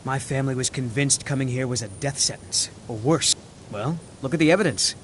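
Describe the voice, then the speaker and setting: A man plays an earnest young student mage from a fantasy game, talking openly in an ordinary middle-pitched voice. A faint noise sits behind the game audio. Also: expressive, fairly quick, lightly acted. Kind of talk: video game voice acting.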